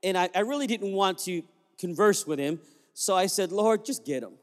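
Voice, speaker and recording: A man's voice: sits high, lively intonation, normal speed, big-room sound. A man who is a pastor telling a story in a sermon, acting out the dialogue as he goes.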